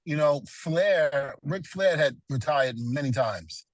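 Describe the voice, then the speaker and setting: A middle-aged man talks as an interview guest, relating personal stories earnestly and peppering them with "you know." His voice sits a little high for a man. The sound is dry and close. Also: lively intonation, takes it slowly, dry recording, low-quality recording. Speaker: guest, retired pro wrestler. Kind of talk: casual interview.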